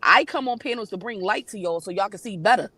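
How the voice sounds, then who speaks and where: A woman's voice: medium pitch, fast talker, sharp tone, slightly rough, no echo. A woman, a panel guest in a casual livestream chat, talks in an emphatic, preachy and blunt way with some swearing. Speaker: guest on a spiritual talk panel.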